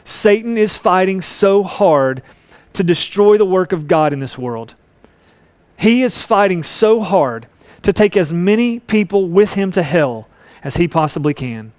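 High-voiced man preaching a sermon. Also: lively intonation, a little slow, a little mellow, no room sound. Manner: earnest preaching, acts out voices in stories. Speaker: pastor.

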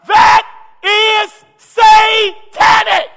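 Impassioned shouting preacher in an echoey hall. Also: male voice, extremely high pitch, moderate pace, slight background noise. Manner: impassioned, shouting climaxes with call-and-response urgency. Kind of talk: sermon. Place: large church hall with congregation. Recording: echoey church hall with crowd.

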